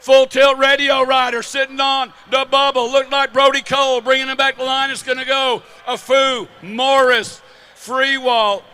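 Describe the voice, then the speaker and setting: A man gives chatty, slangy color commentary on a BMX race. His voice is very high, bright and crisp, holding a narrow pitch band. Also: level tone, moderate pace. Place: outdoor BMX track.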